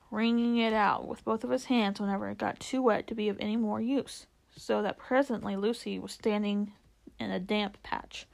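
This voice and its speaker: A woman reading a children's novel aloud in a gentle, measured voice. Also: a little high, gravelly, poor audio. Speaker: storyteller.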